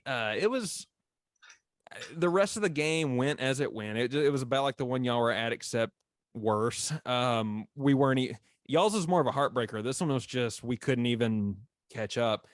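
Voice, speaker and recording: Animated man spinning a yarn. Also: mid-range voice, normal speed, no echo, studio quality. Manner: animated, acts out quotes, laughs often. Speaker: former mascot telling a story. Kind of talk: casual storytelling on a podcast.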